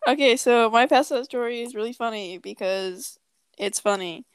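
A woman's voice: fairly high pitch, moderate pace, clear, resonant tone, no echo. A young woman co-hosting a podcast, telling a story in a joking, profane, casual way. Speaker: podcast co-host. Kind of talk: casual chat.

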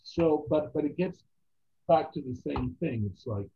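A man telling stories as an actor guest in a casual interview, animated and quoting other people's voices. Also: on the high side, measured pace, creaky, slight background noise. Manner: animated anecdotes with quoted voices. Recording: tinny phone-like line.

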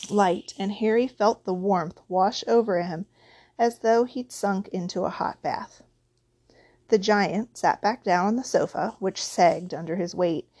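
A woman's voice: medium pitch, darkish tone, dry recording. Woman reading a storybook, dry close sound. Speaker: audiobook reader. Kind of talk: storybook narration.

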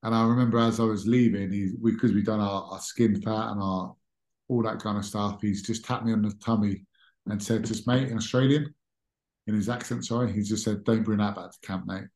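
A man, a podcast guest telling stories in a relaxed, conversational way with frequent restarts. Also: on the low side, a little fast. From England. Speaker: podcast guest, former rugby captain. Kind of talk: casual interview chat. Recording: roomy echo.

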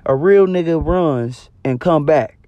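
A man's voice: fairly high pitch, unhurried, no echo, highs cut off. A young man telling a personal story to the camera, casual, slangy and full of profanity. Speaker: storyteller vlogger.

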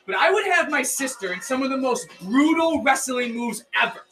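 A young man hosting a podcast in casual chat, boisterous and profane, shouting out bits of his stories. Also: extremely high pitch, animated, moderate pace, recorded from a distance, soft background music, rough recording. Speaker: podcast host.

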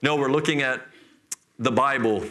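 Animated middle-aged male pastor preaching. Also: mid-range voice, moderate pace. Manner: animated storytelling, acts out voices. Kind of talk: sermon. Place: church.

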